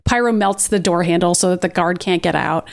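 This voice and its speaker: A woman's voice: lowish voice, fairly quick, gravelly. A young woman co-hosting a podcast, recapping a cartoon episode in casual, wry chat and swearing now and then. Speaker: podcast co-host.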